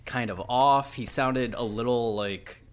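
A man's voice: medium pitch, unhurried, a little hiss or hum. A man co-hosting a podcast in casual joking chat, sardonic and often laughing, trailing off with fillers. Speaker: podcast co-host.

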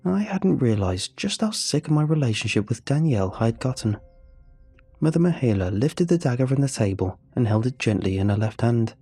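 A man narrating a scripted horror story in calm, measured first-person storytelling. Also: medium pitch, husky, no room sound.

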